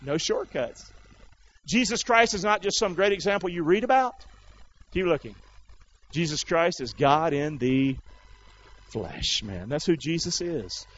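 Preaching man with a lively high voice. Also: unhurried, highs cut off, slight background noise. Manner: call-and-response preaching, rising to shouts. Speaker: pastor. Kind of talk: sermon.

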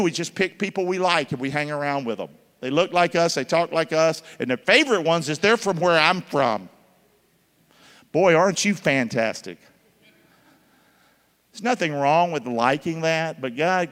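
Guy preaching, big echoey church, gets loud then drops way down, keeps asking the crowd to say it back. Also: a little high. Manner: calls for congregation responses, swings between loud and hushed. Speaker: pastor. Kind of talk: sermon. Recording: long hall reverb.

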